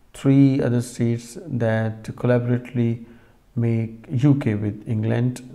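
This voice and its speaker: Gravelly, mellow-voiced man lecturing. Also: medium pitch. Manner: explains slowly with many fillers and restarts, addresses students directly. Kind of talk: recorded lecture.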